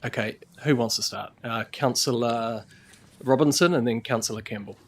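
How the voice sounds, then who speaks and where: Halting New man chairing a meeting. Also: mid-range voice. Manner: procedural and halting, with frequent fillers. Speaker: council chair.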